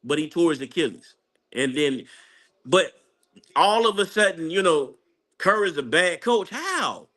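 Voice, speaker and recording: A man ranting casually about a basketball game as a fan, rambling and excitable, breaking into high laughing outbursts. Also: measured pace, pauses often. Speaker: sports fan commentator. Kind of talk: casual live game-watching rant.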